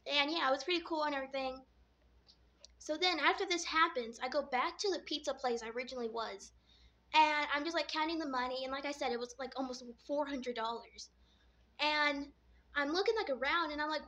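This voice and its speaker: A woman's voice: high voice, a little fast, bright, forceful tone. A woman vlogger casually retelling a dream, rambling and filling her talk with "like". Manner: rambling, full of "like" fillers.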